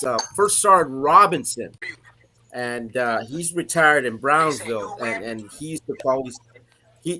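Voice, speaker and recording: Bright-voiced man, retired soldier and teacher, chatty with fillers. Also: on the high side. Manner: storytelling, good-humored, hesitant fillers. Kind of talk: casual video-call chat. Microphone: video call.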